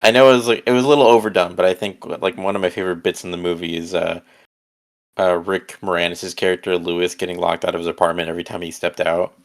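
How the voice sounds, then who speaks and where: Low gravelly hesitant podcast guy. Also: level tone, quick pace. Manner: hesitant, many fillers, soft-spoken. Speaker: podcast co-host. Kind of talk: casual chat.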